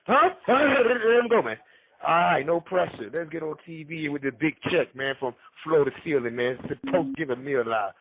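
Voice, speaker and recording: A man's voice: fairly high pitch, fairly even intonation, brisk, hardly any pauses, a little hiss or hum. A man telling rambling street stories as a podcast guest, slangy and jumping between names. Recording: tinny phone line.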